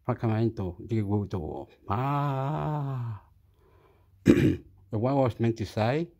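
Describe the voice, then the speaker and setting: A man's voice: mid-range voice, mellow. Rambling man talking into a phone. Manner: scattered, self-interrupting, repeats phrases. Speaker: vlogger reacting to news. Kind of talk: rambling casual monologue. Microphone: phone held in hand.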